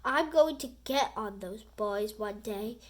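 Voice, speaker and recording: A woman voicing a mean, sour old male school principal who makes a low, menacing vow. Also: slow pace, a little hiss or hum, close to an everyday voice.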